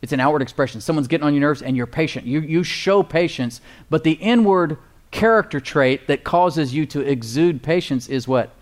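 A man preaching a sermon, slowing down to stress key phrases and calling for responses from the congregation. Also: fairly high pitch, expressive. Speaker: pastor.

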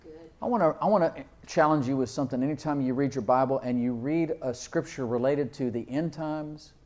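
A man preaching a sermon, reading scripture slowly and asking his listeners questions, with loud emphatic peaks and frequent laughs. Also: mid-range voice. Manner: reads King James verses slowly and deliberately; asks the congregation questions and laughs often.

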